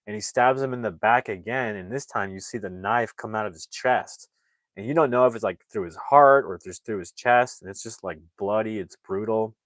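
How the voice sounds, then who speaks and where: Rambling low-voiced male movie reviewer. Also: moderate pace, a bit bright, no room sound. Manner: rambling, full of "like" fillers and self-corrections. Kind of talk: casual plot recap.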